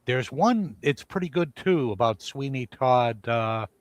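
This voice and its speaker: Slow easygoing male co-host. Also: medium pitch, animated. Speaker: podcast co-host. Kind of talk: casual live podcast chat. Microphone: video call.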